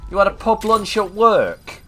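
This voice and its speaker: A man's voice: high-pitched, sing-song, a little slow, bright, forceful tone, faint music behind. A man with a Mancunian accent, a gaming streamer chatting and teasing friends while he plays. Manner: teasing, joking banter. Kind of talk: casual chat while playing.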